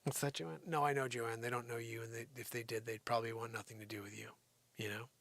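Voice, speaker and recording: A man's voice: mid-range voice, little pitch movement, quick pace, vocal fry, fairly bright tone, no echo. Man riffing as a livestream comedy host. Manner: rambling, teasing an unseen sidekick, lots of "you know". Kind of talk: improvised comedic rant.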